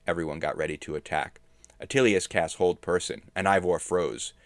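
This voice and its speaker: Deep-voiced man, dry close sound, recounts a fantasy game session as a story. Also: normal speed, no room sound. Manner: steady, understated prose narration. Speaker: narrator recapping a tabletop game.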